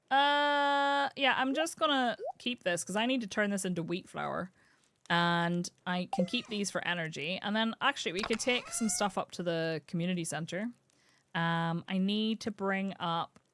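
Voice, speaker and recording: A woman streamer from the UK chatting casually while she plays, thinking aloud and cooing brightly at the game's animals. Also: medium pitch, expressive, normal speed, a little hiss or hum. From United Kingdom. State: has the hiccups. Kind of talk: casual live-stream gameplay chat. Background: game music.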